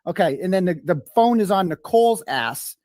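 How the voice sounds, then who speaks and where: A man's voice: high voice, lively intonation, a little fast, darkish tone. A man in recorded footage, narrating his own actions while he acts out crude lines. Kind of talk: casual spoken demonstration.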